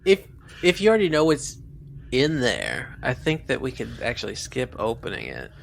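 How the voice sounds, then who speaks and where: Gravelly man, thinking aloud. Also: medium pitch, huge pitch swings, normal speed, slight background noise. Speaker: player. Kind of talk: casual tabletop play.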